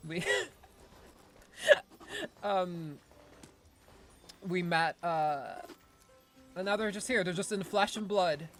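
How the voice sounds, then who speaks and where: A woman streamer giving casual, rambling gameplay commentary, often correcting herself and laughing. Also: lowish voice.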